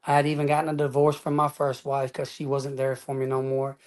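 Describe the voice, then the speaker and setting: A man's voice: medium pitch, monotone, brisk. A man telling his personal testimony as an interview guest, earnest and emphatic, often adding "man" and "y'all".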